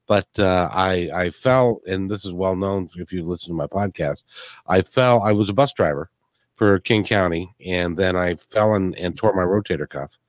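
A man's voice: low voice, normal speed, dry recording, clean studio sound. A man from the of the US hosting a podcast, chatting casually and often repeating words as he starts a thought. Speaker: podcast host. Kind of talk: casual interview chat.

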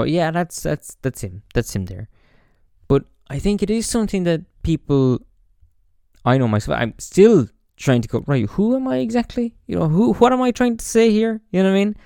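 A man's voice: mid-range voice, darkish tone, smooth, dry recording, clean studio sound. A man hosting his own podcast, talking through his thoughts in a rambling, reflective way full of fillers and restarts, into a podcast microphone. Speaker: podcast host. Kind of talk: casual reflective monologue.

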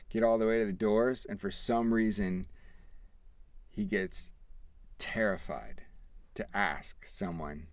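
A man in his thirties hosting a podcast, telling a family story in a rambling, animated way, acting out the quoted dialogue. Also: low-pitched, dry recording. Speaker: podcast host. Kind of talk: casual storytelling.

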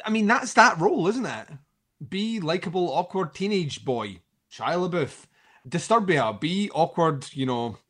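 A man's voice: fairly high pitch, fairly bright tone. Rambling, laughing man talking movies. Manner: rambling, laughs often, swears freely. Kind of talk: casual film chat.

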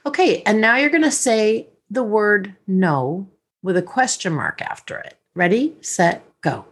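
A woman hosting a podcast as a life coach, talking in a lively, teasing and directive way. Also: medium pitch, measured pace.

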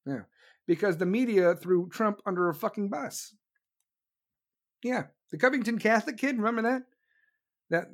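This is a combative livestream host ranting through political commentary, cursing freely and talking fast in bursts. Opponents get mocked in sarcastic put-on voices before the host snaps back to a blunt, scornful delivery. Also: medium pitch. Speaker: livestream host taking callers.

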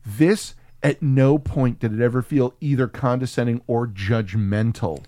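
A man in casual conversation about a film, talking in a loose, profane, story-driven way. His voice sits at an ordinary middle pitch, and he jumps back into sentences as ideas come to him. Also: a little slow. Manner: profane, animated storyteller with restarts. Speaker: podcast co-host.

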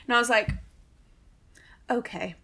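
A woman's voice: medium pitch, animated, moderate pace, a bit bright. A woman, co-hosting a podcast and telling a long, wry, exasperated story in casual chat. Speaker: podcast co-host.

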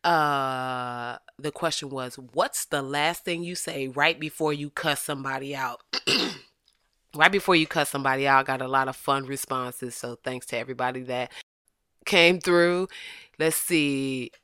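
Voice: medium pitch, unhurried, clear, resonant tone, no room sound, studio quality. A podcast host in casual, comedic chat, laughing often and slipping into voices when quoting people. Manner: animated, laughs often, slips into quoted voices.

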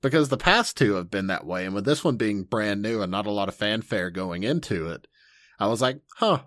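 A man's voice: lowish voice, animated, a little fast, a bit bright, dry recording, clean studio sound. An enthusiastic man co-hosting a casual anime podcast, playful and laughing often. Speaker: podcast co-host.

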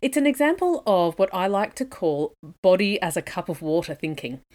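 A woman, a dietitian hosting an educational podcast, reading a scripted lesson in a measured, methodical way that moves through points in lists. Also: lowish voice, big pitch swings, darkish tone. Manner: measured, methodical, list-like delivery.

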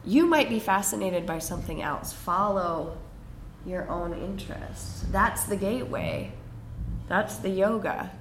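A woman leads a yin yoga class and gives soothing cues. She speaks very slowly, at a mid pitch. Her voice rings in a roomy space over a faint background hum. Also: animated. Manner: slow, soothing spoken cues. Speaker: yoga teacher. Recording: roomy echo with faint ambience.

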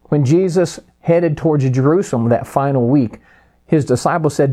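A pastor delivering a sermon, emphatic and slowing down for key phrases. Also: male voice, a little high, warm tone.

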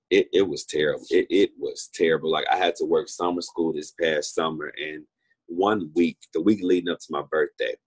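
A man's voice: low-pitched, breathy edge. A man in his twenties, an interview guest, sharing a personal testimony in an earnest, heartfelt way, often repeating himself. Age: 20s.

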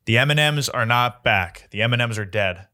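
Bright-voiced teasing man co-host. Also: mid-range voice, lively intonation, a little fast. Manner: laughs often, dry and teasing. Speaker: podcast co-host. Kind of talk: casual podcast banter.

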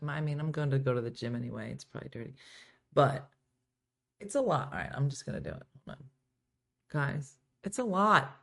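A middle-aged woman hosting a casual live-streamed morning chat, swinging from quiet asides to loud exclaiming. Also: lowish voice. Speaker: morning show host.

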